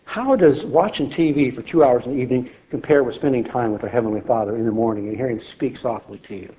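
A man's voice: mid-range voice, fast, mellow. Middle-aged male preacher, plain conversational testimony style, slightly dull lo-fi recording. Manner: folksy, conversational, addresses the congregation. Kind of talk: sermon with personal testimony.

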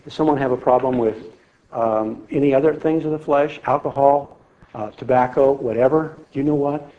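A man's voice: mid-range voice, moderate pace, long pauses, a little mellow. A middle-aged man preaching a folksy sermon, speaking to the congregation conversationally. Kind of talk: sermon with personal testimony. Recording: slightly dull lo-fi sound.

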